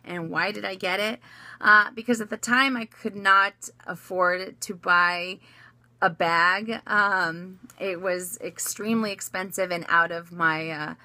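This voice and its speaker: Giggly, lower-pitched woman chatting. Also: steady tone, unhurried, pushed and bright, no echo. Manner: chatty and giggly, many fillers and restarts. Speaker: vlogger answering viewer questions. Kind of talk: casual chat.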